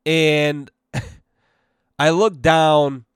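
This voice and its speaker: A man from Massachusetts hosts a casual storytelling podcast, rambling along with constant fillers and a steady stream of curse words. His voice comes through smooth and clear, recorded dry and close with no room sound. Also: fairly high pitch, very slow, no room sound. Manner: rambling, profane, heavy use of fillers. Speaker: podcast host.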